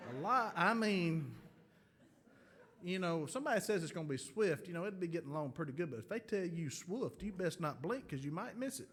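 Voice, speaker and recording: A man's voice: a little high, expressive, a little fast, a bit bright, slight background noise. Folksy Mississippi man spinning stage yarns. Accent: Mississippi Southern. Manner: folksy, drawling storyteller who chuckles at his own jokes. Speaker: bluegrass bandleader and musician. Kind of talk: casual on-stage banter between tunes. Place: museum lecture hall with a live audience.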